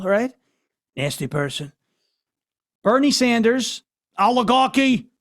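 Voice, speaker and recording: A man with a fairly high voice hosts a political commentary show. He talks in a brash, loose, mocking way. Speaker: host.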